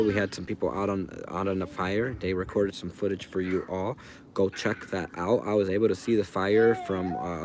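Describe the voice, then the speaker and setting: Male stream host, casual and meandering, low voice, outdoor air behind him. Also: darkish tone, slight background noise. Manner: rambling, talks to chat viewers by name. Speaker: livestream host. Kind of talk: casual live chat. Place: outdoors by a fire.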